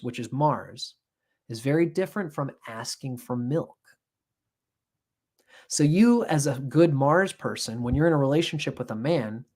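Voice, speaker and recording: On a live stream, a man with a slightly high voice gives an astrology reading, blunt and profane, switching into acted voices to make his points.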